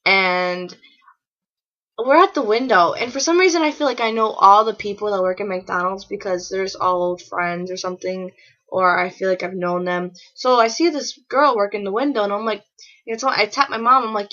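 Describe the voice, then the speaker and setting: A young woman telling funny stories in a casual vlog, full of "like" and fillers, jumping into a high voice to act out quotes. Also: moderate pace, sharp tone. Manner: chatty, lots of fillers, acts out quotes in a high voice. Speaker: vlogger. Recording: dull lo-fi webcam audio.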